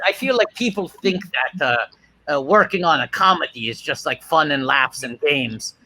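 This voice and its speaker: A man's voice: a little high, sharp tone. A man hosting a comedy talk show, asking questions in a dry, mock-earnest way.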